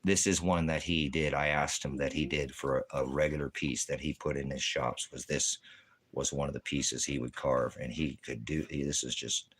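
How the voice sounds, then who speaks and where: Low-voiced rambling man. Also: steady tone, fairly bright tone, breathy edge. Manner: rambling, repetitive, halting. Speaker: vlogger. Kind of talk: casual chat.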